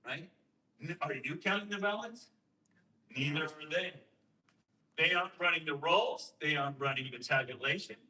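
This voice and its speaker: A man talking to a host, explaining and telling a story with emphatic rhetorical questions and lively quoted voices. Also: on the high side, normal speed, long pauses, far from the mic, low-quality recording. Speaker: guest speaker on election systems.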